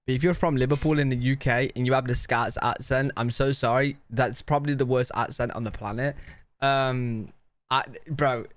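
British male reaction host, rambling casual chat, slightly high voice. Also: smooth, no echo. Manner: chatty, rambling, says "bro" a lot.

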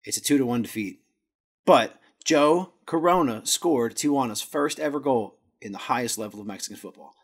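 Husky man reading casual soccer notes. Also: mid-range voice, normal speed. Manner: jokey asides, stumbles over Spanish words. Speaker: podcast host.

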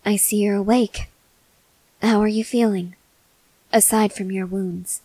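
A woman's voice: medium pitch, fairly even intonation, measured pace, mellow, no room sound, rough recording. Woman as a stoic young female soldier, whispered role-play. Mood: calm. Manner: composed, clipped, matter-of-fact.

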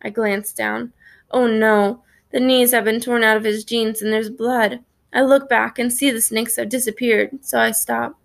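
Woman narrator, first-person story, lively reading, vocal fry. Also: on the high side, measured pace. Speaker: audiobook narrator.

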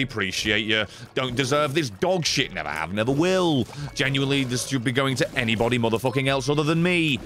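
British man, gaming streamer, lively swooping pitch, profane, excitable, effusive thanks, faint music behind. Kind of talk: live gaming stream commentary.

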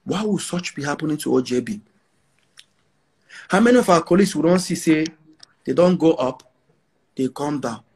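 Brash Nigerian man, husky voice. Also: fairly high pitch, animated, moderate pace, pauses often, darkish tone. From northern Nigeria. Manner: brash, defiant, repeats phrases for emphasis. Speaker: interviewee. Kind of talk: boastful interview talk.

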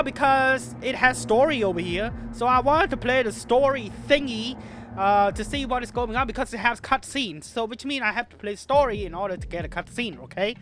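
A high, bright woman's voice that leaps around wildly as she plays through a horror game on camera. She swears and yells at the game when it startles her, over faint game music in the background. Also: a little hiss or hum. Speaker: gaming video host. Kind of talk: let's-play commentary.

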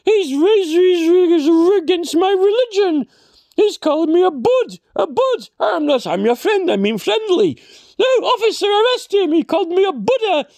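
A man voicing a shrill, easily offended man who stammers and squeals indignantly. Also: sing-song, normal speed, vocal fry, a little mellow, no echo, exaggerated voice. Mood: outraged.

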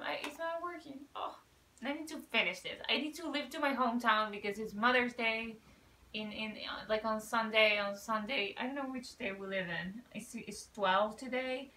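A woman giving excitable, swearing reaction commentary, ranting in exasperation. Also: fairly high pitch, recorded from a distance, a little hiss or hum. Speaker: reaction video creator. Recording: roomy sound from off the mic, faint ambience.

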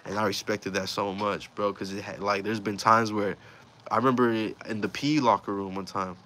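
Low-voiced young man telling a story. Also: fairly even intonation, normal speed, bright, forceful tone. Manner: slangy, profane, rambling retelling. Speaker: vlogger telling a personal story. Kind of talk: casual storytime.

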